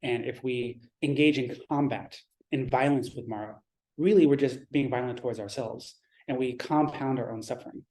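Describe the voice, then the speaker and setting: A man giving a Zen dharma talk in a reflective, measured way, pausing and restarting his thoughts. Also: mid-range voice, a little mellow.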